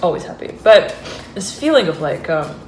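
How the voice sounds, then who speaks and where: A woman's voice: lowish voice, very animated, moderate pace, a little mellow, reverberant, slight background noise. A woman giving an intuitive tarot reading. She rambles and hesitates, restarts her sentences and fills them with fillers, and she laughs often and gets giddy. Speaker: tarot reader.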